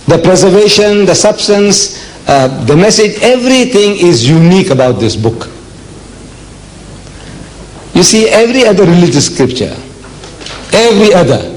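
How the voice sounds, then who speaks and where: An older man from South Africa giving a public religious lecture, emphatic and deliberate, with rhetorical questions to the audience. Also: on the high side, a little mellow, low-quality recording. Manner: slow, deliberate delivery with dramatic pauses.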